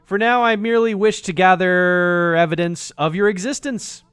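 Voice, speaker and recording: A man's voice: high voice, normal speed, a bit bright, smooth, dry recording, studio quality. A man voicing a prim, condescending female cat doctor from a video game, raising his voice slightly.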